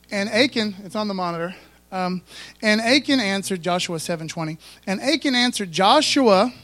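A man's voice: high voice, a bit bright, dry recording. A man preaching a sermon in a folksy, conversational way, full of asides to the congregation. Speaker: pastor.

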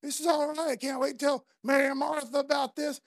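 A woman's voice: sits high, little pitch movement, fast talker, gravelly, dry recording, studio quality, voice pushed up. A woman preacher voicing Lazarus as a delighted man marveling at heaven in casual slang.

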